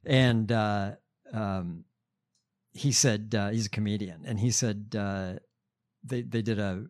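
A man hosting a podcast, chatting casually about politics and stumbling through his points with many pauses. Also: on the low side, fairly even intonation, a little mellow. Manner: halting, many fillers and restarts. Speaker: podcast host.

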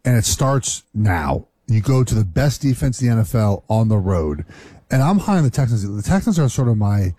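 A male analyst talks through a football matchup in a rambling way. His voice is mellow and husky, and the recording sounds dry. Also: on the low side, big pitch swings, normal speed, no echo. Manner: rambling, many "right?" tags. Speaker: former player turned analyst. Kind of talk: casual sports analysis.

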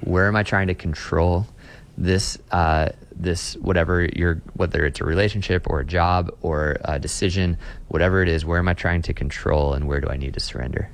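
A man with a very low, deep voice talks earnestly as a pastor in a relaxed interview. He often doubles words as he restarts a thought. A faint hum of room noise sits behind him. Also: normal speed. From Austin, Texas. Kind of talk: casual interview talk.

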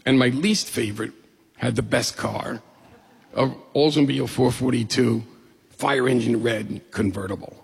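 Middle-aged guy spinning a funny story, super gravelly raspy voice, big hall echo. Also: mid-range voice, moderate pace. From New York State. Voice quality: gravelly and husky. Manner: lively, humorous, acts out quoted voices. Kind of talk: personal story told to an audience. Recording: long hall reverb.

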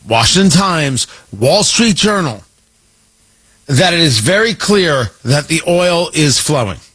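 A man's voice: a little high, fairly bright tone, breathy edge, poor audio. A man delivering an opinionated political monologue, sarcastic and emphatic, repeating points for effect. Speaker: political commentator.

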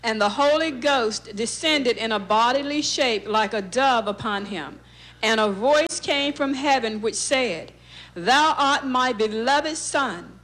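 A woman's voice: on the high side, fairly bright tone, low-quality recording. A woman in the congregation reading scripture aloud and repeating the pastor's lines. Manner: slow, measured reading.

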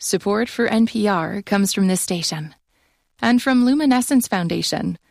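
A woman announcer reading sponsor credits in an even, formal manner. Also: medium pitch, normal speed, vocal fry, dry recording, clean studio sound.

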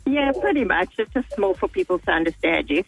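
A woman from South Africa chatting on a radio show, giving relaxed, brief answers. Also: on the low side, fairly quick, vocal fry, husky, muffled recording, soft background music. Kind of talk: radio chat.

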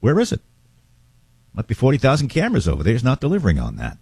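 A man's voice: mid-range voice, wildly swooping pitch, fast, darkish tone, husky, no room sound. A man hosting a talk show, chatting in a rambling, wry way. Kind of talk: casual chat.

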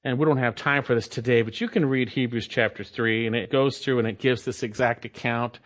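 A male pastor preaching a sermon, emphatic, with sweeping shifts in pitch and pace. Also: fairly even intonation, fairly quick, a bit bright.

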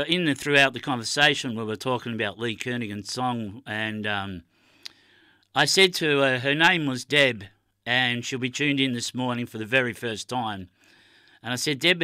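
A man's voice: medium pitch, bright, forceful tone, no room sound. A man with an Australian accent presenting on community radio, telling a rambling story with plenty of ums. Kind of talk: casual radio chat. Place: small radio studio. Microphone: studio microphone.

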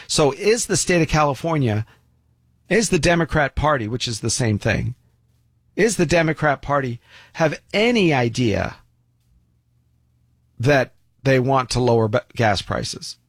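A man's voice: medium pitch, animated, measured pace, long pauses, no echo. A man giving an opinion commentary monologue in a folksy, sarcastic way with many asides.

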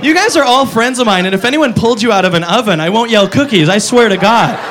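High, lively man doing stand-up. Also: quick pace, noisy background. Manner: animated, swings into high squeaky voices for characters. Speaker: stand-up comedian. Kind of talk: stand-up routine.

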